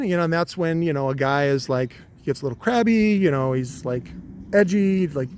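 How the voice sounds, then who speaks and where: A man's voice: a little high, normal speed, a little mellow. A man telling a rambling, crude vlog monologue to his viewers with many fillers. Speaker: vlogger.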